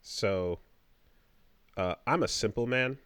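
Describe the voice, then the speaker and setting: A man's voice: mid-range voice, slow, a bit bright, a little hiss or hum. A man co-hosting a podcast in casual chat, rambling and hesitant with lots of fillers. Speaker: podcast co-host.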